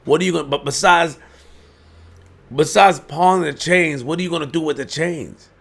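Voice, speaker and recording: A man's voice: on the high side, moderate pace, gravelly, a bit bright. A man delivering an emphatic opinion monologue, preaching and firing rhetorical questions. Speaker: commentary host.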